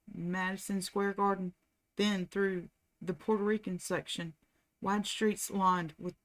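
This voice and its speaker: Woman reading a novel aloud. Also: lowish voice. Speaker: channel host reading aloud.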